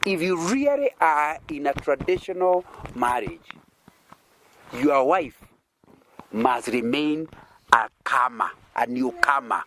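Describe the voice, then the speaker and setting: Kenyan preacher guy, pretty high voice that jumps all over, keeps asking the crowd if they follow. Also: a bit bright, slight background noise. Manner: keeps checking in with the audience, with chuckles and rhetorical questions. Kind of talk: interactive sermon teaching.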